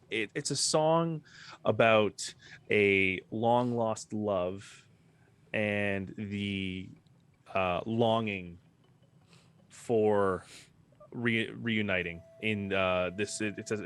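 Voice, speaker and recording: A man narrating a tabletop game as game master, describing scenes in a halting way and restarting his sentences. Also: lowish voice, fairly bright tone. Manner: halting, with many fillers and restarts.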